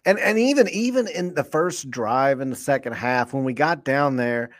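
A man, co-hosting a podcast and rambling excitedly after a football win, full of restarts. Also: medium pitch, normal speed. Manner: animated, rambling, lots of restarts. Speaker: podcast co-host. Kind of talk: excited postgame sports chat.

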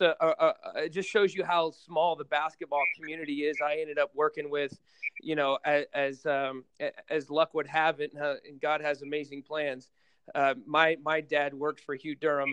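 A man's voice: fairly high pitch, fairly even intonation, brisk, fairly bright tone, clear, resonant tone, no room sound. A man, a basketball coach, telling stories in a casual podcast interview, rambling with many fillers and restarts.

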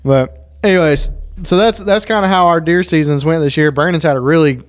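A man hosting a casual podcast chat, an animated storyteller who laughs often. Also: fairly high pitch, brisk. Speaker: podcast host.

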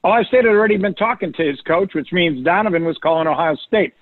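A man's voice: high-pitched, animated, quick pace, dry recording. An older man in casual radio sports talk, telling stories and quoting coaches. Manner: storytelling, quotes coaches in a raised voice. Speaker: recruiting analyst guest. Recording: tinny phone-line radio audio.

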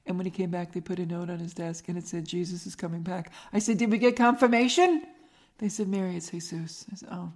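Quick and with hardly any pauses, a middle-aged podcast host with a regional American accent chats through her stories, laughing frequently. Her voice is warm and fairly low, with little pitch movement.

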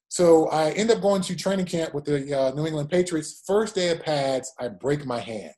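Lively storytelling man, slightly high voice. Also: normal speed, hardly any pauses. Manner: animated anecdotes with acted-out quotes. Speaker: former football player guest. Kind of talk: storytelling interview.

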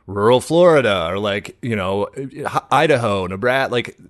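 A man's voice: on the low side, animated, normal speed. A man co-hosting a comedy podcast, chatting casually, laughing often and slipping into silly impressions. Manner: laughs often, does goofy impressions mid-story. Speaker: podcast co-host.

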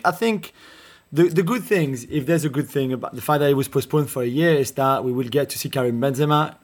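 A man on a podcast, upbeat, thinking aloud about the tournament. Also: medium pitch. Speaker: podcast guest. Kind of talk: casual podcast chat.

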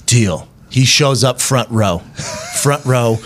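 A man in his thirties, talking at an ordinary middle pitch, spins stories from his past as a podcast guest. He laughs a lot and slips into other people's voices whenever he quotes them, all at an easy conversational pace. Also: slow pace, fairly bright tone, slight background noise. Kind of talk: casual storytelling.

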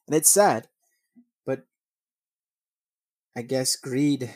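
Here a medium-pitched, slightly mellow man draws out his words while narrating true crime from news reports. He rants with swearing after each passage and keeps stumbling and restarting on names, all in a dry recording.

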